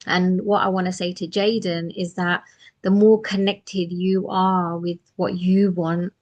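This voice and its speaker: A woman guest offers encouraging advice. Her voice is lowish and flat in its pitch, and her delivery is steady and affirming. She builds her point patiently, one clause at a time. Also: unhurried, highs cut off. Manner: steady, affirming, fills gaps with "mm" and "yeah".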